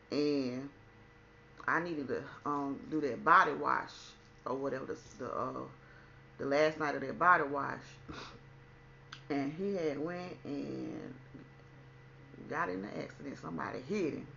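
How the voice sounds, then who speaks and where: A chatty woman tells a personal story straight to her viewers, acting out what everyone said. Her voice is gravelly and bright. The recording sounds a little dull, with a faint hiss underneath. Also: sits low. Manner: chatty, says "honey" a lot, acts out quotes. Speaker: vlogger. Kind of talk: casual storytime chat.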